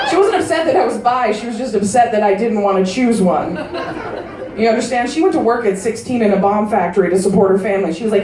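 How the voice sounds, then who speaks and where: A woman in her thirties doing a crude stand-up comedy set, delivering brash, deadpan punchlines to a live audience in a large casino showroom. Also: fairly high pitch, fast talker, far from the mic, background noise. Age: 30s. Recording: roomy live-venue recording from afar.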